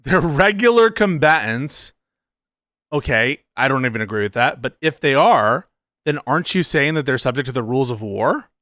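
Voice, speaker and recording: A man reacting to a debate clip with sarcasm and frequent swearing and laughter. His voice is bright and tense. The sound is dry and close, with no room around it. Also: mid-range voice, a little fast, no room sound. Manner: sarcastic, profane, laughs often. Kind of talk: casual commentary.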